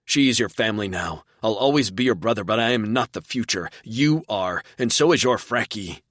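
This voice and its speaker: A reckless male alien warrior with a joker's streak speaks up, raised and urgent, voiced by an audiobook narrator. His voice sits a little above the narrator's own low register, recorded dry and close. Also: expressive, moderate pace, fairly bright tone, dry recording. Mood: resolute.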